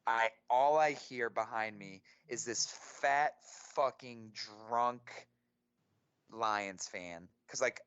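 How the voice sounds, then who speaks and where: A young man co-hosting a podcast, telling a story in an animated, profane way full of fillers. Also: mid-range voice, slow, clean tone, dry recording, lo-fi sound. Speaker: podcast co-host. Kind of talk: casual storytelling.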